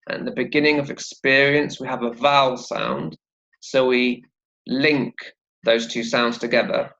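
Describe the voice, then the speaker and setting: Man, English teacher, slow deliberate delivery, gravelly tone, dull lo-fi sound. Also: medium pitch, fairly bright tone. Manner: patient, repeats words slowly for learners. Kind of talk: slow, clear teaching with pronunciation drills.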